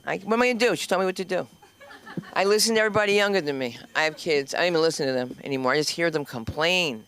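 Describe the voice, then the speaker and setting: An older woman with a New York accent, telling rambling stand-up stories on a comedy club stage in a loud, brash, self-deprecating way and chatting with the crowd. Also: fairly low pitch, racing.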